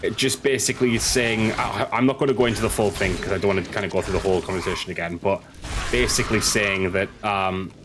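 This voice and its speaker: A man's voice: on the low side, fairly even intonation, fast, background noise. A man rambling through opinionated casual commentary as a gaming streamer, often restarting his sentences. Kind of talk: casual commentary over gameplay.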